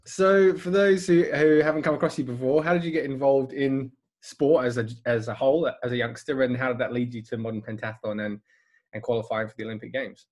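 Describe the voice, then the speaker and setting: A man's voice: mid-range voice, fairly even intonation, a little fast, a little mellow. A man hosting a podcast interview, upbeat in manner. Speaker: podcast host.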